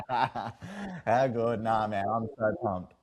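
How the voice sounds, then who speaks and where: An Australian man co-hosting a podcast, talking in an excited, storytelling way and laughing easily. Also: lowish voice, very slow, a crowd in the background. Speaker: podcast co-host. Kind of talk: casual chat.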